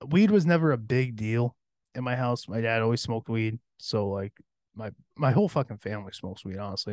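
Man, casual podcast storyteller, cursing a lot, mid-pitch voice, dry close sound. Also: no echo. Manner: profane, rambling, laughs at own story. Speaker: podcast host.

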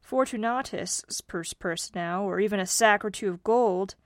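A woman's voice: mid-range voice, measured pace, no echo, lightly acted. A woman voicing a greedy, impatient young male farmer in a storybook reading, with an eager, demanding manner in a dry room.

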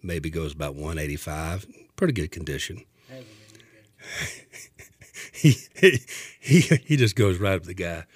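A man telling a comic story in an animated way, acting out the voices of the people in it. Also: sits low, measured pace, long pauses, slightly rough, dry recording. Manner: animated, acts out voices, laughs a lot.

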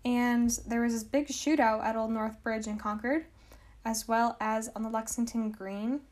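A young woman hosts a podcast from her home and tells a history story in a casual, chatty way. She restarts sentences often and fills her speech with "like." Her voice sits fairly high. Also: fairly even intonation, normal speed, darkish tone. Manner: chatty, full of "like" and self-corrections. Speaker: podcast host.

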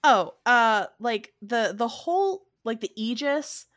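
A woman chatting casually about a movie, animated and opinionated, laughing often. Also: a little high, slow, no room sound, studio quality. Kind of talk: casual movie review chat.

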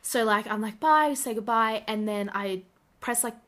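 A teenage girl telling a story in casual chat, animated and gushing with lots of "like", her voice slightly raspy from a cough. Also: a little high, moderate pace. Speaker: podcast co-host.

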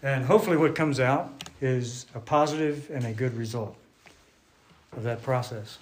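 Man preaching at an easy pace. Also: mid-range voice. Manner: unhurried, thinking aloud with restarts, drawing on a board. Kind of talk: sermon.

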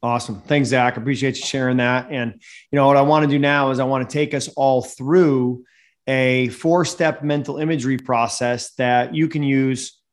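A man hosting a coaching podcast, talking in an energetic, emphatic coaching manner and reading a sponsor message. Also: mid-range voice, moderate pace. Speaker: host and mental performance coach.

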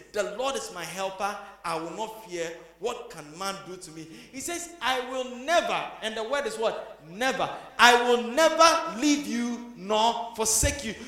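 High-voiced preacher, echoey room. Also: male voice. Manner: swings from hushed to shouting for emphasis. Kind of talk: sermon.

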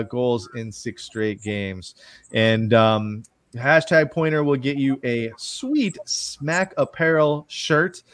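Man, host, casual sports chat, relaxed and chatty, dry close sound, easygoing rambling delivery. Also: medium pitch, dry recording. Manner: relaxed, chatty, many fillers. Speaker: host of a hockey stream.

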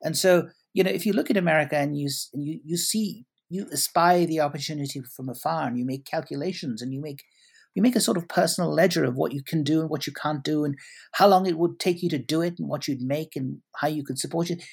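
A man's voice: fairly high pitch, fast talker, gravelly, slightly rough. A man answering interview questions at length, articulate and elaborate, often restarting his sentences. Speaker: guest commentator.

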